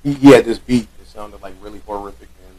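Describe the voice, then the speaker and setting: A man's voice: fairly low pitch, fast talker, noisy background. A man co-hosting a casual comedic podcast chat, joking around and spinning silly backstories. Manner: joking, spins silly backstories, bursts into put-on voices. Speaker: podcast co-host.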